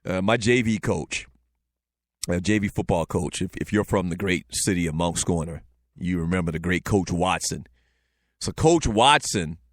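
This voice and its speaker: A man in his forties with a Southern Lowcountry accent, hosting a casual talk show, telling stories loosely and joking with the chat. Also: a bit bright, no room sound, studio quality. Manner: loose, joking, storytelling with frequent fillers. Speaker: show host.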